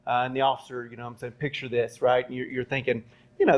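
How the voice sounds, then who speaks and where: A former trainer of police recruits rambles through a long story on a live university panel, speaking fast in a flat, mid-range voice. He leans on lots of ums and rhetorical "right?" checks, and the event-space recording has a dull, lo-fi sound.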